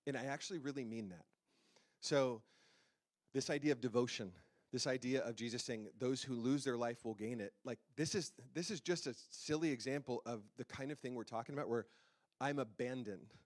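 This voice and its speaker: A man with a medium-pitched voice talks fairly quickly as a pastor giving a casual, conversational sermon. Playful and chatty, he keeps asking the congregation questions while holding a handheld mic in the church sanctuary.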